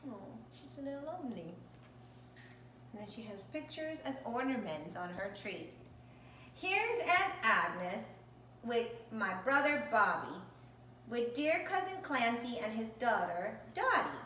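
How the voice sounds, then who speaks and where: Lively woman reading a picture book aloud. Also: a little high, unhurried, a little hiss or hum. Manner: animated, stops to point out the pictures. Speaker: storybook reader. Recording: echoey room, distant mic.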